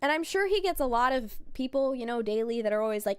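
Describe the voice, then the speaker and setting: High-pitched girl rambling about her trip, smooth clear voice, swears a lot. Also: lively intonation, fast talker, dry recording, studio quality. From United States. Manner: rambling, chatty, laughs and swears often. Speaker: streamer. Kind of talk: casual chat, telling a travel story.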